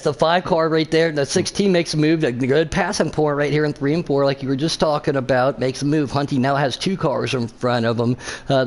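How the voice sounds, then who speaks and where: A man's voice: mid-range voice, a little mellow. A man giving casual, joking commentary on an online race, laughing often. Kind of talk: casual sim-racing commentary.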